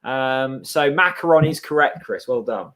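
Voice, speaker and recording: A man co-hosting a football fan watchalong, relaxed and teasing as he reads comments and shares news. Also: mid-range voice, measured pace. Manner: relaxed, teasing, many fillers and restarts. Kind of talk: casual fan chat.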